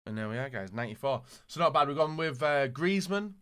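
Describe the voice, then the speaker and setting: A man giving gaming commentary as he opens packs, excitable, dropping to low muttering and then bursting into shouts. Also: a little fast, clear, resonant tone. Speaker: gaming YouTuber. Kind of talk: pack-opening gaming commentary.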